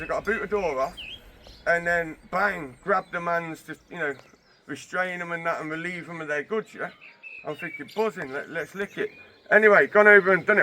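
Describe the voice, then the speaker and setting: A man tells his story in quick, slangy bursts. His voice is bright and sits a little high. Faint outdoor noise sits behind him. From England. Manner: animated, slangy, fast street talk. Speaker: interview guest. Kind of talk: casual storytelling.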